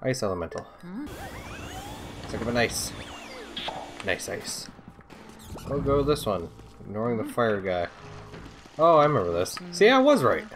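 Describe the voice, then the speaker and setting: A man playing a video game and talking to himself, with excited outbursts and swearing. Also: lowish voice, a little slow, pauses often, music in the background. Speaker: let's play host. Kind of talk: gameplay commentary. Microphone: desktop USB mic.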